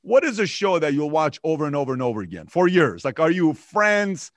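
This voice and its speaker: A man hosting an interview in a casual, animated way, often stumbling and repeating his words. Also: fairly high pitch, fairly quick, dry recording, clean studio sound. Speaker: interview host.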